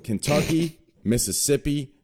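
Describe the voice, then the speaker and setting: A young man hosting a group podcast, joking crudely and dropping to a quiet murmur when he introduces guests. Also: on the high side, lively intonation, unhurried, breathy edge. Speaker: podcast host. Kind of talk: casual group podcast chat.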